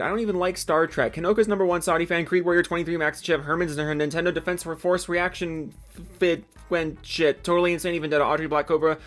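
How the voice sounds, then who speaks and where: A young man rattles off names at a brisk clip, his voice sitting a little high for a man. Between names he cracks jokes and swears at himself, with casual, self-mocking energy. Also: a bit bright, soft background music. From Seattle area, USA. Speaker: YouTuber reading supporter names. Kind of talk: rapid-fire name reading with comedic asides.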